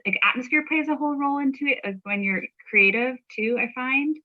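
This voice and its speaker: A woman hosting a casual podcast chat with a friend, agreeable and quick to affirm. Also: sits high. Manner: warm, agreeable, lots of affirming yeahs. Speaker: podcast host. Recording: dull lo-fi audio.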